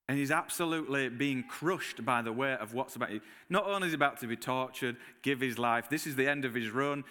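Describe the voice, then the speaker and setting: Animated preacher in a reverberant church. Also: male voice, medium pitch. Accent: Northern English. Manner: animated storytelling, acts out his own reactions. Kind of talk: sermon with personal stories. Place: church hall.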